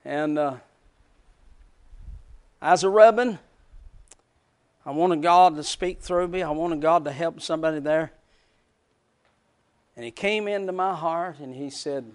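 A man's voice: fairly high pitch, measured pace, long pauses, smooth. A man preaching a sermon, telling a story with emotive swells.

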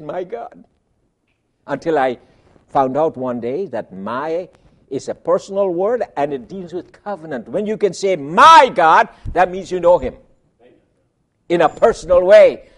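This man's preaching voice sits high. He's emphatic, poses rhetorical questions, and moves back and forth between loud and soft.

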